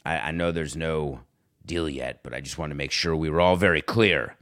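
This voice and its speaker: Man doing an entitled quarterback impression, low hushed voice, smug, rambling demands. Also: moderate pace, no echo, studio quality.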